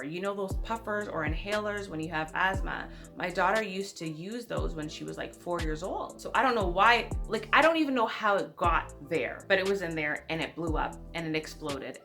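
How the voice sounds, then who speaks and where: Woman, thirties, animated vlog storytelling, low-pitched bright voice, faint music behind. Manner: animated storytelling, acts out others' lines. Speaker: vlogger.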